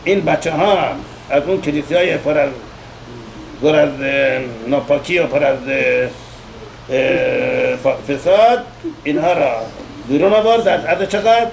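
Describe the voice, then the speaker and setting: Male rabbi preaching a eulogy: very fast, emphatic, fairly high voice, faint hiss behind. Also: creaky, low-quality recording. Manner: rapid, emphatic preaching with hesitations. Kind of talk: sermon.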